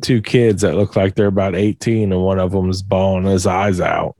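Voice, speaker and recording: A man's voice: deep voice, little pitch movement, normal speed, a little mellow, no room sound, clean studio sound. A man in casual podcast chat who gives short reactions and asks playful follow-up questions.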